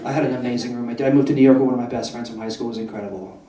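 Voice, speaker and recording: A man's voice: medium pitch, steady tone, very fast, distant mic. A young man doing a stand-up comedy set in a club, brash and profane, often asking the crowd "right?". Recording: roomy club echo, voice off-mic.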